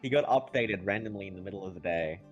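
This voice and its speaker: A man's voice: sits low, quick pace, lo-fi sound, faint music behind. A man playing a tabletop game, joking and laid-back. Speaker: player. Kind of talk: casual tabletop play.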